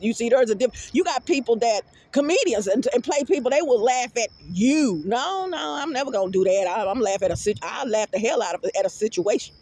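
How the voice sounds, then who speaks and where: A woman's voice: a little high, lively intonation, a little fast, few pauses, darkish tone. A middle-aged woman telling a rambling story to her viewers, cursing freely and often laughing hard. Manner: profane, rambling, breaks into hearty laughter. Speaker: vlogger.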